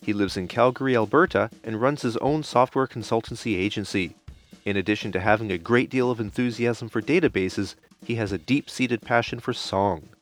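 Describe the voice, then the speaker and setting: Low-voiced man hosting a podcast. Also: soft background music. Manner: polite, measured questioning. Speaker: podcast host. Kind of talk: casual podcast interview.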